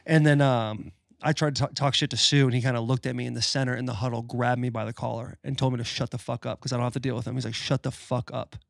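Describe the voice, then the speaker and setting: A man co-hosting a casual podcast chat, an animated storyteller who swears freely. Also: mid-range voice, fast, gravelly, dry recording, clean studio sound. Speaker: podcast co-host, former NFL lineman.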